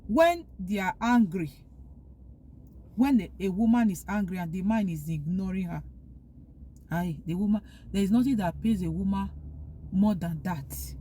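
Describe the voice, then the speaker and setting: A woman's voice: mid-range voice, normal speed, long pauses, warm tone, slight background noise. Earnest woman pleading advice to camera. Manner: earnest, pleading, repeats herself for emphasis. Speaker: vlogger giving advice. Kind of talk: casual opinion monologue.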